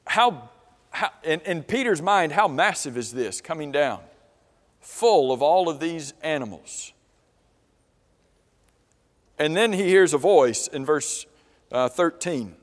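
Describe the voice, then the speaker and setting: A man preaching a sermon to a congregation, pausing often to ask them questions. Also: fairly high pitch, lively intonation. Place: church auditorium. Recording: long reverb of a church hall.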